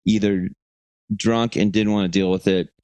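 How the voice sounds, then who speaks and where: A man's voice: fairly low pitch, moderate pace, dry recording. A man tells a rambling, profane story on a podcast, acting out the quotes as he goes. The sound is close and dry, with no room around it. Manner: rambling, profane, animated retelling with voiced quotes. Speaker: podcast co-host. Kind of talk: casual storytelling chat.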